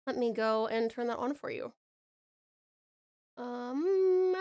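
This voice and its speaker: Australian woman, streamer, high voice, casual playful chat, self-deprecating, dry close desk mic. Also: expressive, slow, mellow, no echo, dull audio. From Tasmania, Australia. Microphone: desk microphone close up.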